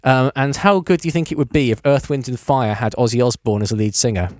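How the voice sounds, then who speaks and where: A man's voice: medium pitch, fast, dry recording. A man hosting a radio music show in a studio, chatting casually and jokily, laughing often and restarting his sentences with plenty of fillers.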